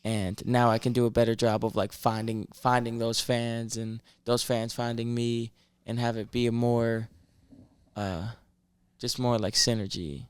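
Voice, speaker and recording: A man from Massachusetts, a rapper guesting on a podcast, talking casually in a soft-spoken way while searching for his words. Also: mid-range voice, little pitch movement, a little slow, smooth, dry recording. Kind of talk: casual chat.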